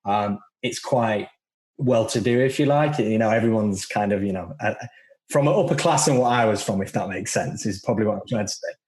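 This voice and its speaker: A man's voice: lowish voice, fairly quick, a little mellow. Blunt northern English man. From northern England. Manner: blunt, outspoken, swears freely. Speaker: guest, coach. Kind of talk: casual podcast conversation.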